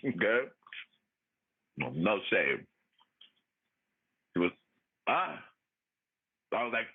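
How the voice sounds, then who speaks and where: Animated, sassy man on a tinny line. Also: fairly low pitch, extremely slow, long pauses, slightly rough. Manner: animated, profane, laughing, sassy. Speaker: livestream host. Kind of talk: casual chat, ranting. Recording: tinny phone-like audio.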